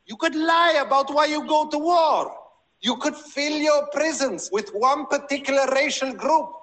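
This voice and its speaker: A man's voice: very high-pitched, a bit bright, full character voice. An actor playing a pompous male dictator, declaiming a grandiose speech to a crowd with a thick put-on foreign accent. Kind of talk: film comedy speech. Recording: film clip with long hall reverb.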